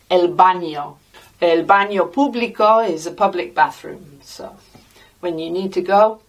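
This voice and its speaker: Slow English woman teaching Spanish. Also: mid-range voice, recorded from a distance. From England. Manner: repeats words slowly for practice. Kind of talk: slow, deliberate language lesson.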